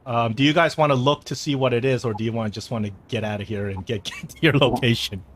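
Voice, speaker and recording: A man narrating as game master of a tabletop game, halting with many restarts and fillers. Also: mid-range voice, a crowd in the background.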